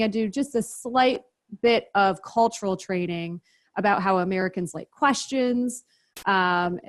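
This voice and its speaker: A woman guest on a podcast, explaining her business practices in a brisk, practical, step-by-step way. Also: mid-range voice. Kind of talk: interview, explaining.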